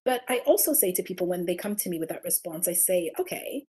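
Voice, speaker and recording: A woman author being interviewed, talking expressively and dropping into soft, gentle affirmations as she explains her practice. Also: lowish voice, fast. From England. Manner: warm, expressive storytelling, softens into gentle affirmations. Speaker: author and guest. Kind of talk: conversational interview.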